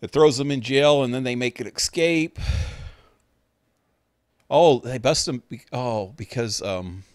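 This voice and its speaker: A man's voice: mid-range voice, measured pace, long pauses, dry recording. A man with a mid-range voice rambling casually as a game streamer, laid-back and loose with the occasional swear word. The sound is close and dry. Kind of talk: casual chat.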